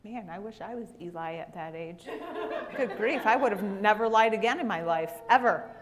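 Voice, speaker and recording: Woman Bible class teacher, lively storyteller who acts out the quotes, mid-pitched voice, church classroom. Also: normal speed, crowd noise.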